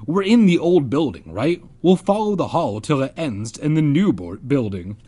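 A man reading aloud as an impatient, skeptical schoolboy who groans and brushes things off, with a husky voice. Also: a little high, sing-song, moderate pace, warm tone. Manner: groaning, dismissive.

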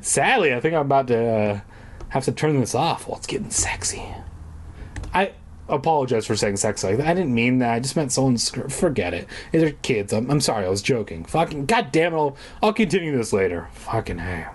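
A man's voice: medium pitch, very animated, a little fast. Crude joking man reading aloud. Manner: irreverent, swearing, joking asides. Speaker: reader. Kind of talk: comedic reading of a children's book with crude asides.

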